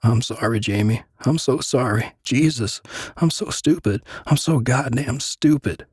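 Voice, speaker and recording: A man's voice: low-pitched, moderate pace, husky, dry recording, studio quality. A man voicing a big, guilty middle-aged man who stammers and pleads through tears in a dramatic story reading. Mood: sobbing. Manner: stammering, tearful.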